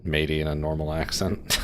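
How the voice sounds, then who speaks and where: While playing a submarine game on a live stream, a man chats casually, rambling with fillers and restarts. His voice is a rumbling low one with a fairly bright tone.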